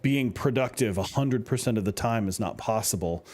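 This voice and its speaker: A man co-hosting a casual podcast, giving measured advice with many pauses and fillers. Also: fairly low pitch, a little mellow. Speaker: podcast co-host.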